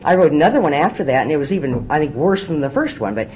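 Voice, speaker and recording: Middle-aged lady at a podium spilling her recovery story, low voice, rattles along quick, faint rumble behind. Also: big pitch swings, darkish tone, rough recording. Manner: candid, storytelling, repeats words on restarts. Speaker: recovery meeting speaker. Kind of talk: personal testimony talk. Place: meeting hall podium.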